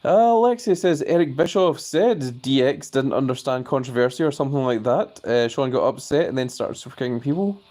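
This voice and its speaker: A man's voice: mid-range voice, expressive, fairly quick, few pauses, darkish tone. A male live streamer reading viewer comments aloud and reacting with playful bafflement, jokingly formal and referring to himself in the third person. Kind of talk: casual live-stream chat.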